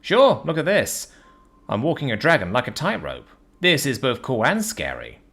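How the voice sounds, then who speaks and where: A man's voice: mid-range voice, huge pitch swings, moderate pace, gravelly, fairly bright tone, slightly rough, voice pushed up, exaggerated voice. A man doing a cocky, breezy human adventurer. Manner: breezy, swaggering, teasing.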